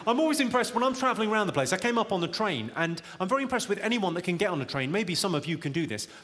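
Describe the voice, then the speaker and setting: A man's voice: high-pitched, sing-song. Male stand-up, dry teasing crowd work, live theater reverb. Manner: dry, quick-witted, teasing the audience. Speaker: stand-up comedian. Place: large theater stage. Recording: reverberant hall, loud audience laughter.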